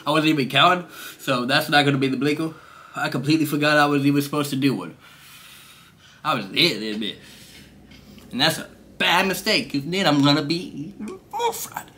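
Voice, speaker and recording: A young man vlogging at home, high and rambling in loose slang, laughing often. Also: lively intonation, brisk, long pauses, bright, forceful tone. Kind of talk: casual stoned review vlog. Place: his room.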